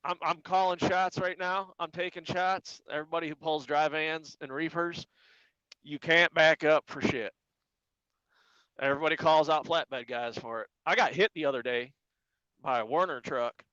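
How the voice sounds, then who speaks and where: This man is a flatbed trucker who chats on a live stream and tells animated stories, often acting out the people in them. His voice sits a little high for a man. The audio is dull and dry, like a remote call line. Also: moderate pace, clean tone, dry recording. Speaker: flatbed truck driver, guest. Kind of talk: casual live-stream chat.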